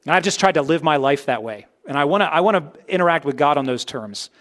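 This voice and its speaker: A man preaching a sermon with a fairly high voice. He talks conversationally, pushing hard on his main points, then dropping into quiet, low asides. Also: animated, fast talker. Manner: conversational preaching, swings between loud emphasis and soft, low asides. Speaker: pastor.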